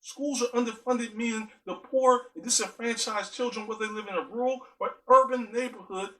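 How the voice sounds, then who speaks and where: A man's voice: very high voice, fairly even intonation, fairly quick, a bit bright, low-quality recording. A man giving an earnest spoken monologue, driving his points home with strings of rhetorical questions.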